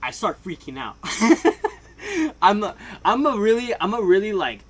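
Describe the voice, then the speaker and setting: A man telling a comedic story in a slightly high voice, loose and slangy, with a laugh never far away. He jumps from loud bursts to hushed asides as he goes. His delivery is animated and casual throughout. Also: measured pace, breathy edge. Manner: laughs often. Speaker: vlogger.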